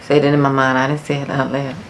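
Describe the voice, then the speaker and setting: A woman's voice: extremely low pitch, completely flat delivery, fast talker, slight background noise. A woman vlogger telling a personal story in a frank, casual, reminiscing way.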